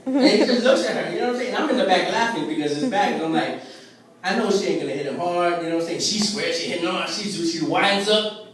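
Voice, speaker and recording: Streetwise comic in an echoey room. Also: male voice, high voice, fast, far from the mic. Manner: laid-back, streetwise, chats with the crowd. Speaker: stand-up comedian. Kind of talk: open mic stand-up comedy. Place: restaurant dinner show. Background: lively crowd laughing.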